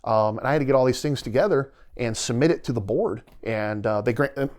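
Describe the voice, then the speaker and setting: A middle-aged man, a retired soldier, telling his story as a podcast guest in a casual, animated way, acting out what others said and laughing often. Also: medium pitch, a little fast. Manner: animated storyteller who acts out quoted dialogue and laughs often.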